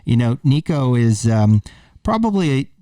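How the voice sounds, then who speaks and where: Male podcast host, dark mellow voice, dry close mic, easygoing chat. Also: mid-range voice, a little slow, dry recording. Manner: relaxed, chatty, lots of fillers. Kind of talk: casual chat.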